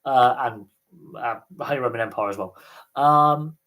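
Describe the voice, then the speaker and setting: A man's voice: mid-range voice, a little slow, a bit bright. A man from Britain hosting a live sports Q&A stream, chatting casually and rambling with lots of ums and uhs. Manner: rambling, chatty, many fillers. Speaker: livestream host.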